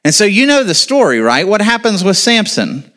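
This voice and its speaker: Lively, questioning male preacher. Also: high voice, moderate pace. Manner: asks the audience questions, then answers them; informal, with casual asides. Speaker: pastor. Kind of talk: sermon.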